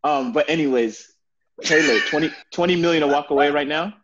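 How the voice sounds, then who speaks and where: A man guest on a podcast telling family stories in a casual, animated way, often repeating words as he builds up a story. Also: fairly high pitch, a little fast, lo-fi sound, background noise. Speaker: podcast guest, football player.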